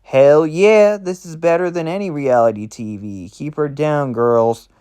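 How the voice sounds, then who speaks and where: A man voicing a rowdy, excitable male imp boss who shouts gleefully. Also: a little high, unhurried, smooth, close to an everyday voice. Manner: loud, gleeful.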